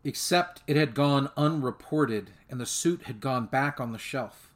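A man narrating a fan audiobook in a measured, steady storytelling manner. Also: mid-range voice.

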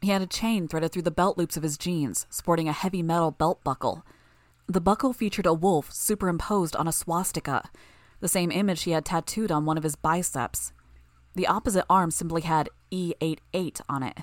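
A woman narrating a fan audiobook chapter in a steady, measured reading. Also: fairly low pitch, no room sound.

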